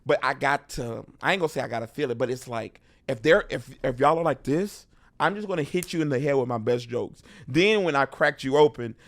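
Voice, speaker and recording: A man's voice: mid-range voice, brisk. A man, a stand-up comedian with a Texan accent, chatting casually as a podcast guest and acting out crowd voices as he tells stories. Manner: animated storyteller, acts out crowd voices. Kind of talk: casual interview chat.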